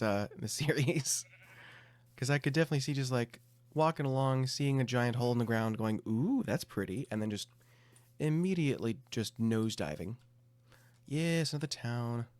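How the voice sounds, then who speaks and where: A young adult man giving casual gameplay commentary, thinking aloud with self-mocking asides. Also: mid-range voice. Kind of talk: casual let's-play commentary.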